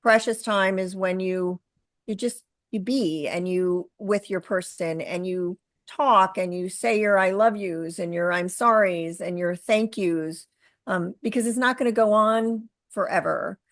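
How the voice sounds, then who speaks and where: A middle-aged woman speaking as a guest in an interview, earnest and halting, with frequent fillers and restarts. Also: medium pitch, no echo. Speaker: guest, author and caregiver. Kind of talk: conversational interview.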